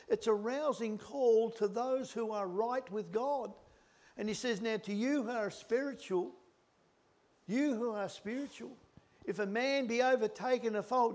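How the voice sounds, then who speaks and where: High-voiced preacher, dramatic and emphatic. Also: male voice. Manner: dramatic swings from loud to hushed whispers. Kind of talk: sermon.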